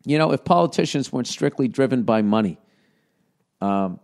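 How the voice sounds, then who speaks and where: A man's voice: mid-range voice, lively intonation, normal speed, creaky, a little mellow. Profane sarcastic man reading podcast ads. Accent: Boston. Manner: profane, sarcastic, shifts between reading copy and riffing. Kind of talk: ad read with riffing asides.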